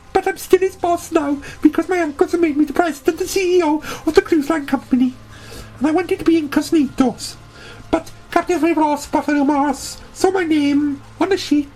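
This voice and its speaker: High-voiced woman telling a brash comic tale. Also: darkish tone, rough recording. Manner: brash, boastful, rambling. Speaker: storyteller. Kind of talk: comic audio-story narration in character.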